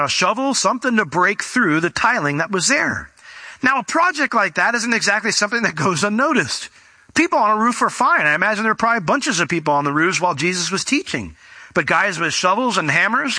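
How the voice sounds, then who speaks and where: A man's voice: sits high, bright, forceful tone, no echo. A man preaching a sermon in a conversational way, sometimes acting out the people in the story. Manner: conversational, acts out quoted voices.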